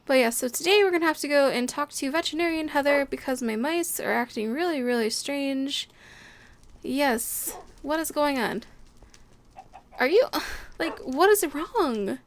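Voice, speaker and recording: With a high voice, lively intonation, and a measured pace, a young woman casually comments on her Minecraft let's play, often gasping and laughing as she gushes with delight. A little hiss or hum runs under the recording.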